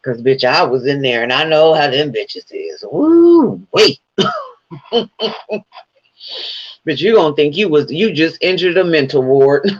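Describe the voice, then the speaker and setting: A man's voice: fairly high pitch, moderate pace, few pauses. A man talking casually to his viewers, telling rambling, profane stories and laughing along the way. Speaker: vlogger. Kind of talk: casual commentary. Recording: dull lo-fi sound.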